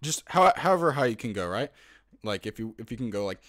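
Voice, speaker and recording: A man's voice: medium pitch, big pitch swings, quick pace, very noisy. A man explaining a silly tutorial in casual talk, rambling and fumbling for words with lots of fillers. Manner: breaks into laughter and loud hoots. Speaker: online tutorial maker.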